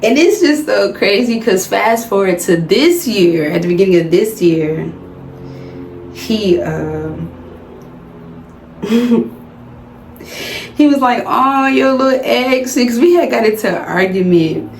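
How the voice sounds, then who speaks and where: A woman's voice: medium pitch, expressive, slow, pauses often, darkish tone. Chatty Southern woman vlogging in a roomy space. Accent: Southern American. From Southern United States. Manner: chatty, slangy, addresses viewers as y'all. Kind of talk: casual chit-chat vlog. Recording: roomy home recording with faint background noise.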